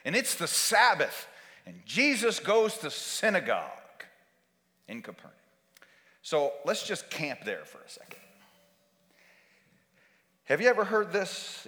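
Man, pastor, bright forceful voice, conversational sermon, long hall reverb. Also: a little high, very animated, unhurried. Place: church sanctuary.

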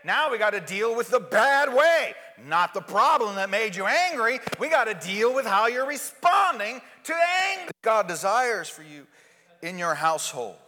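A male pastor preaching a sermon, shifting between loud, forceful outbursts and soft, quiet asides. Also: high-pitched, very animated, moderate pace, in a large hall.

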